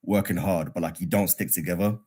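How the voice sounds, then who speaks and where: A man's voice: low voice, fairly quick, warm tone, slightly rough. A young British man calling in to a live show, talking in a rambling way with lots of "like". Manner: rambling, many "like" fillers. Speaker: caller. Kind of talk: casual call-in chat.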